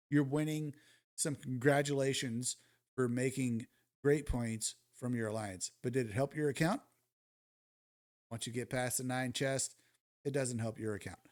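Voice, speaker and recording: A man recording casual ad-lib commentary over mobile game footage for his channel, blunt and swaggering, firing rhetorical questions at his viewers. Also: mid-range voice. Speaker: gaming YouTuber.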